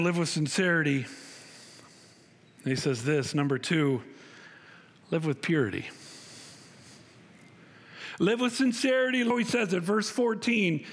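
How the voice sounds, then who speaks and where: A man preaching a sermon as pastor, emphatic and repetitive, with wide swings in pitch.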